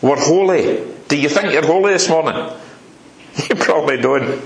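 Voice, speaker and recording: A man's voice: a little high, normal speed, creaky, reverberant, rough recording. A man preaching a sermon, earnest and repeating key phrases for emphasis. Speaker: lay preacher. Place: church hall.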